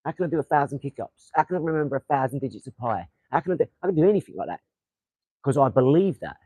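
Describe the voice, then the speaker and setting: A young Essex-accented man from England rambles to viewers on a laid-back motivational livestream, swearing and throwing darts along the way. His medium-pitched voice is expressive, quick, mellow and husky. The low-quality recording has no echo.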